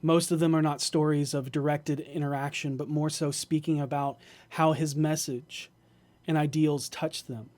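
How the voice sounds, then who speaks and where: A man acting as game master, narrating a tabletop game in a measured, descriptive way. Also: fairly high pitch, level tone, a little mellow.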